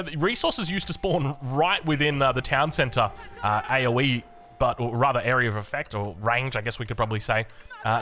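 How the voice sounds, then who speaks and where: A man's voice: mid-range voice, sharp tone. A man with an Australian accent casting a strategy game match, chatty and often correcting himself with fillers. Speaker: game caster.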